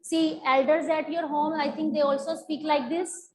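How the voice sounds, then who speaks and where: A woman's voice: high-pitched, little pitch movement, moderate pace, slight background noise, poor audio. A woman teacher with an Indian English accent, leading a class lesson, repeating her questions and coaxing her students to answer.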